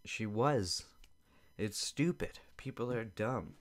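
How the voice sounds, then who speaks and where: A young man hosting a podcast in his basement speaks a little slowly in a lowish voice, pausing often. He wanders through an irritated, casual rant, swearing along the way.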